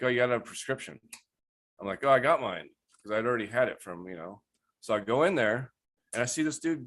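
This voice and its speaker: Profane, animated male storyteller. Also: lowish voice. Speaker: guest grower. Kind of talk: casual storytelling.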